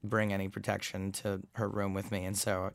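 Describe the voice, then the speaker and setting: A man's voice: on the low side, completely flat delivery, normal speed, vocal fry, no room sound, studio quality. An American man co-hosting a casual podcast, telling crude, self-mocking anecdotes with lots of animation. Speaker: podcast co-host.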